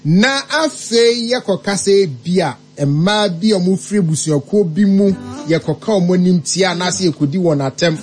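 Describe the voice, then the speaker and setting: Male commentator, Ghanaian accent, fairly high pitch, emphatic, code-switching. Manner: emphatic, switches languages mid-sentence, big rises in pitch. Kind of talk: spoken commentary.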